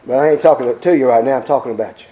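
A man's voice: medium pitch, rapid-fire, warm tone. A man preaching a sermon, fervent and repetitive, stumbling over restarts. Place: church sanctuary. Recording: echoey church hall.

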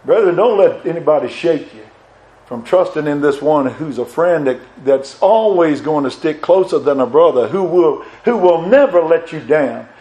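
A man's voice: a little high, expressive, moderate pace, mellow, rough recording. A male preacher delivering a sermon. He recites scripture in old-fashioned biblical wording, rises in fervent emphasis on repeated refrains, and often restarts and repeats words.

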